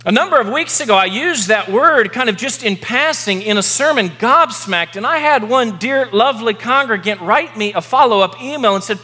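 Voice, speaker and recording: A man preaching a sermon as pastor, emphatic, repeating key words slowly for effect. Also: very high voice, lively intonation, bright, forceful tone. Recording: long reverb of a large hall.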